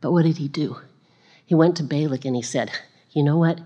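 A woman giving a conversational sermon, chatty and self-deprecating, with laughing asides, and growing animated as she retells stories. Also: sits low, a little fast, breathy edge, lo-fi sound.

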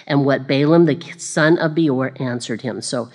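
With an extremely low pitch and a slightly slow delivery, a woman preaches conversationally. She's chatty and self-mocking, laughs in asides, and gets more animated as she tells her stories.

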